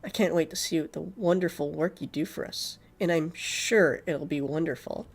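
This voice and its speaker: A man's voice: a little high, moderate pace, gravelly, breathy edge. Nanase Nagisa, a man doing a confident young woman. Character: young woman, commanding yet casual.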